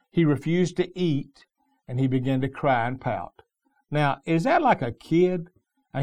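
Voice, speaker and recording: Higher-voiced middle-aged male pastor preaching. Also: a little mellow. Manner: conversational storytelling with frequent restarts. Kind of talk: sermon.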